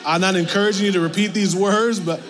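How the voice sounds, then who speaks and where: A male pastor preaching a sermon, reading scripture and retelling it with animated, playful asides. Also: high-pitched, fast.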